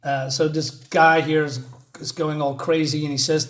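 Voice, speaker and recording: A man talking through a comic issue in a casual spoken review. He halts often and restarts his sentences while recapping the plot. His voice sits a little higher than most men's. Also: flat delivery. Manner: halting, many fillers and restarts, reads quotes aloud.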